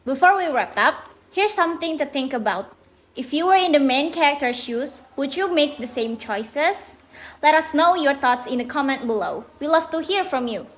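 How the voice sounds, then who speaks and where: A woman's voice: sits high, lively intonation, normal speed. A young woman co-hosting a student book podcast, reading a friendly outro. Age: young adult. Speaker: podcast co-host.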